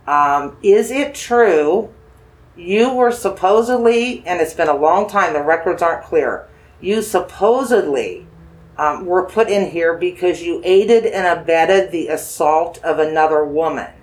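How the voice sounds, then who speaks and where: A paranormal investigator gently questioning a spirit with dowsing rods, coaxing and reassuring, repeating phrases and asking slow yes-or-no questions. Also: mid-range voice.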